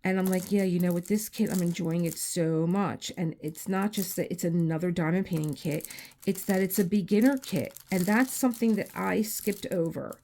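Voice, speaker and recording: A tired, low-energy woman chatting casually while doing a craft, rambling with many restarts and growing teary as she tells personal stories. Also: steady tone, normal speed, mellow, slight background noise. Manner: rambling, restarts often, emotional storytelling. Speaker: crafting channel host. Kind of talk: casual chat while diamond painting. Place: home room.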